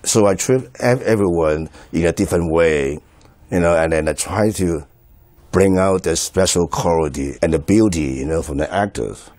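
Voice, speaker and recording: A man, a film director, giving a commentary and recalling a shoot, speaking haltingly with many fillers and restarts and frequent chuckles. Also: low-pitched, a little mellow, no echo.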